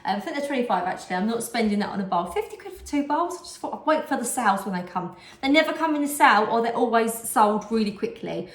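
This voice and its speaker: A woman's voice: fairly high pitch, lively intonation, quick pace. A woman, chatting casually in a vlog as she shows off a haul, rambling with lots of asides and fillers. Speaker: vlogger. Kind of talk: casual chat showing a haul. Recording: roomy echo.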